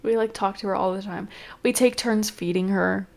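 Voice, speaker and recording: A woman's voice: mid-range voice, moderate pace, creaky. A young woman rambling casually to camera in a vlog, chatty and full of fillers. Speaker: vlogger. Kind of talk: casual chat.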